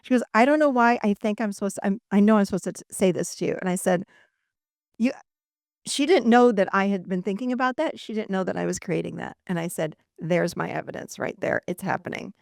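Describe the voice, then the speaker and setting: A woman's voice: mid-range voice, fairly quick, vocal fry, darkish tone, no room sound, studio quality. A woman speaking to a live audience at an event. She tells stories, acts out the voices in them and laughs often. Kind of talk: animated talk to a live audience.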